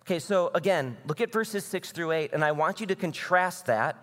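A man from the American Midwest preaching a conversational sermon as pastor, building to emphatic, energetic passages. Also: a little high, normal speed. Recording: long reverb of a large hall.

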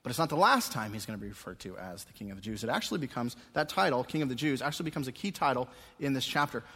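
A male pastor preaching an expository sermon, moving between quiet, conversational asides and raised, emphatic passages. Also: medium pitch, lively intonation, racing, husky. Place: church sanctuary during a service. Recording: long reverb of a church sanctuary.

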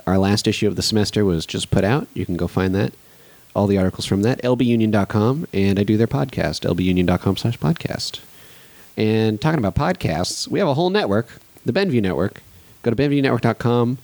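A young man hosting a casual podcast, running the segments in a brisk plug-reading manner. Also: fairly low pitch, darkish tone, no room sound. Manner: brisk, promotional, runs the show. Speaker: podcast host.

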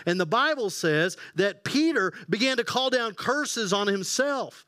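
Male pastor, high voice, animated storytelling sermon, dry close sound. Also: measured pace, hardly any pauses, no room sound. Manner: animated storytelling, acting out quoted voices, dropping to hushed tones.

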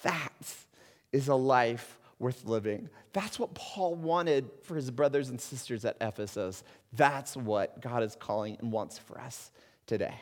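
A middle-aged man preaching a sermon as pastor, earnest and swinging between soft, confiding words and loud exhortation. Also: mid-range voice, a little slow. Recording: long hall reverb.

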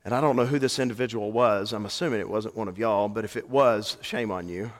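A man preaching a sermon as pastor, telling stories and moving between hushed lines and animated ones. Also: on the low side, brisk. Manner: storytelling, swings from hushed to animated. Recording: long hall reverb.

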